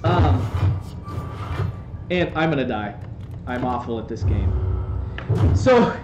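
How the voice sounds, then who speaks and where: A man streaming a game from home on a desk microphone, telling a rambling, animated anecdote with playful asides. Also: medium pitch, slow pace, highs cut off, over loud music. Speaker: live streamer. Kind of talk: casual storytelling while gaming on stream. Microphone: desk microphone, swapped in for the day. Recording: roomy sound with faint background noise.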